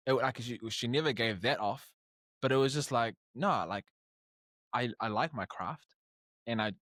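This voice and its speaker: On a podcast, a young man with a New Zealand accent tells stories in a casual, lively chat, voicing the different characters as he goes. He speaks at normal speed in a medium pitch, and the studio sound is clean and dry.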